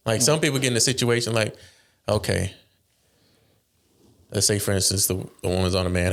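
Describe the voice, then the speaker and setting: A man co-hosting a podcast in casual chat, telling animated stories, acting out quoted lines and laughing often. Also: on the low side, a little fast, long pauses. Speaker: podcast co-host.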